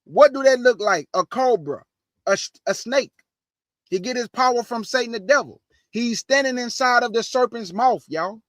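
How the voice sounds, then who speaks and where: A man with a strikingly high voice preaches to his online audience, fired up and emphatic. He talks in a casual, slangy way, repeats his points, fires off rhetorical questions and keeps calling his listeners family. The sound is dry, with no room echo. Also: animated, moderate pace, fairly bright tone. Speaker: online show host and preacher.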